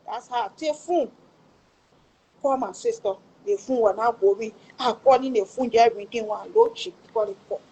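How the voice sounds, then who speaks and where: A woman's voice: a little high, moderate pace, a little mellow, husky, rough recording. A middle-aged woman with a Liberian English accent emotionally recounting a family tragedy, acting out the quoted dialogue with exclamations. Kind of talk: emotional personal storytelling.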